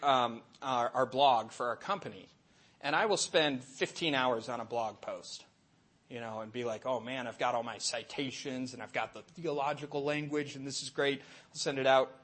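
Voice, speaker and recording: A middle-aged man, a Catholic catechist, giving a lively faith talk to an audience and acting out little voices in his stories. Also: mid-range voice, slightly rough. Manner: animated storytelling, acts out voices and asides.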